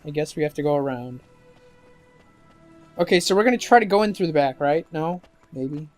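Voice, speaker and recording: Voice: mid-range voice, lively intonation, moderate pace, a little mellow. A let's-play commentator tossing off sarcastic, joking remarks while playing. The tone is loose and casual, with game music faintly underneath.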